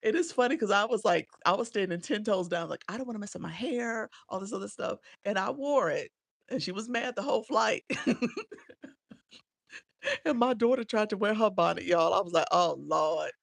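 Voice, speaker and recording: Laughing, gravelly middle-aged woman coach. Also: mid-range voice, moderate pace, no room sound, clean studio sound. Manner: chatty, laughs often, reads viewer comments aloud. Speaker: live-stream coach. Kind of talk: casual live-stream coaching.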